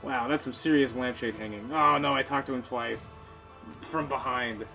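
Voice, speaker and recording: A man's voice: medium pitch, steady tone, moderate pace, creaky, sharp tone. A man chatting through a playthrough with a sarcastic, self-deprecating streak. His commentary rides over faint background game music, casual and off the cuff. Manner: sarcastic, self-mocking asides. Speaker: let's player.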